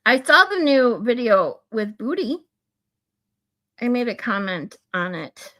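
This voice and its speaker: A woman hosting a livestream, chatting in a relaxed, easy way. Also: a little high, slow. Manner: relaxed, chatty, laughing often. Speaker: livestream host. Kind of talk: casual livestream chat.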